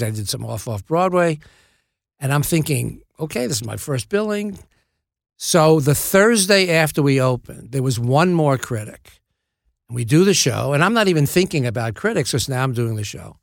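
A man's voice: fairly high pitch, gravelly, no echo. An older man, an actor guest in a studio interview, telling self-deprecating anecdotes and acting out what people said. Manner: self-deprecating, acts out quoted dialogue. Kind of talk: anecdotal storytelling in a podcast interview. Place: podcast studio.

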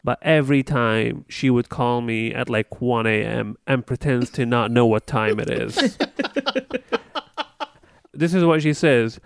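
A man co-hosting a podcast, telling stories in a casual, animated way and swearing now and then. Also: medium pitch, measured pace, creaky, clear, resonant tone, no room sound, studio quality. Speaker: podcast co-host.

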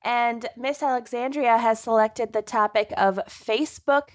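Lady on a podcast, chatty, slow and easy, kinda high voice. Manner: chatty, laughs often, slow-paced. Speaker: podcast co-host. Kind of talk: casual chat.

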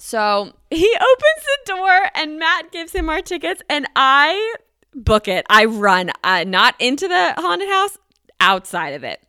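A woman in her twenties hosting a podcast, telling a story casually with lots of "like" and animated acted-out quotes. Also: normal speed, smooth, dry recording, clean studio sound. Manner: animated, acts out quotes with pitch jumps, frequent "like". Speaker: podcast host.

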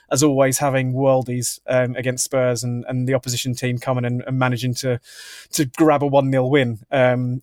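A middle-aged southern English man talks as a podcast guest from a room at home. He hesitates a lot, full of ums and restarts, in a flat, even tone. The sound is dry and close. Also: medium pitch, dry recording. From southern England. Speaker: podcast guest, football editor. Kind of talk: casual podcast chat. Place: home room with shirts on the wall.

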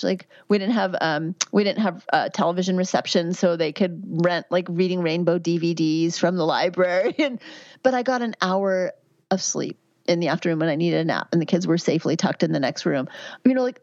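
A woman's voice: on the low side, animated, a little fast, no echo. Chatty woman in her fifties, dull dry sound. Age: 50s. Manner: candid, chatty, warm advice with frequent fillers. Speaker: physician guest. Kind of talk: podcast interview answers.

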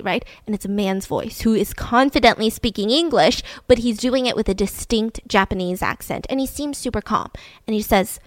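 A woman's voice: medium pitch, brisk, no room sound. A woman casually retelling a true-crime story, chatty and full of "like", acting out the quotes. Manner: chatty, peppered with "like", acts out quotes.

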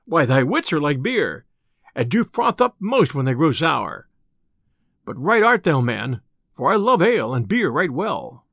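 A jolly, mocking outlaw , as a storyteller voices him, calling out and jesting in archaic words from a storybook. His voice leaps high with glee and sits fairly high overall, recorded close and dry. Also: very animated, unhurried, vocal fry, fairly bright tone, no room sound, exaggerated voice. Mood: jovial. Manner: jovial, mocking archaic speech. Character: merry, teasing male outlaw, young adult.

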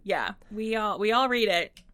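A woman's voice: mid-range voice, fairly bright tone. A woman co-hosting a podcast in casual chat, upbeat and chatty. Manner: upbeat, chatty, quick laughs. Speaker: podcast co-host.

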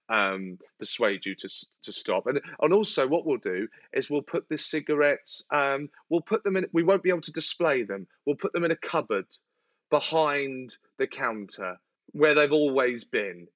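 A man telling comic stories on a podcast, animated and exasperated. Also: medium pitch, dry recording, highs cut off. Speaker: comedian guest.

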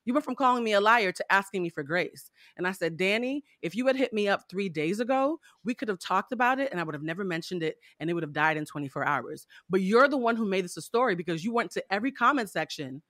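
A woman guest on a podcast, telling a story in an animated, emphatic way and talking straight to the listeners. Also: medium pitch, quick pace, few pauses, no room sound, studio quality. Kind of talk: casual storytelling.

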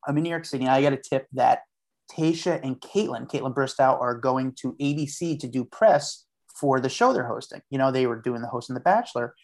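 Male podcast guest, chatty storyteller who replays his own lines, mid-pitched. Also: fairly quick, a little mellow. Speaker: podcast guest, street journalist. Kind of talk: casual storytelling.

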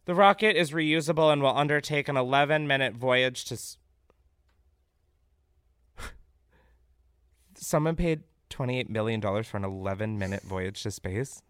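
A man hosting a comedic podcast, reacting loudly to what he reads, swearing freely and laughing often. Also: medium pitch, clear, resonant tone, no echo, studio quality. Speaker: podcast host.

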